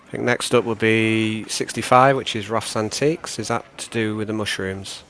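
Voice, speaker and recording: A man's voice: lowish voice, fairly even intonation, normal speed, a bit bright, a little hiss or hum. A man playing a tabletop game, helpful and organised, explaining things to others. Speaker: player.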